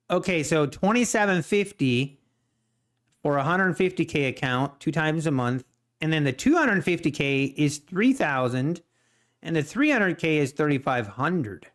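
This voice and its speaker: Casual male streamer, a touch high-pitched, talks to chat between trades and laughs easily. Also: lively intonation, measured pace. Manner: chatty, laughs often, addresses chat directly. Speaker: day trading livestream host. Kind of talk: casual livestream chat and market commentary.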